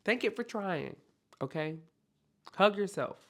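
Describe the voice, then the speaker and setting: A man's voice: high-pitched, lively intonation, measured pace, a bit bright. A man hosting a solo self-help podcast, talking in an encouraging, heartfelt way and often checking in with "okay?". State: near tears at times. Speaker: podcast host.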